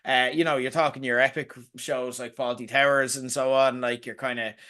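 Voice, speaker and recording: A man's voice: mid-range voice, little pitch movement, moderate pace, bright, forceful tone. A man co-hosting a podcast in casual chat, ranting with sarcasm and swearing, mocking what he dislikes. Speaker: podcast co-host.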